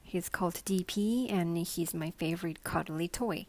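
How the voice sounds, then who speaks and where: A woman voicing an earnest young boy, quiet and earnest, in a bedtime story reading. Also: on the low side, unhurried. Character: earnest young boy searching for his toy.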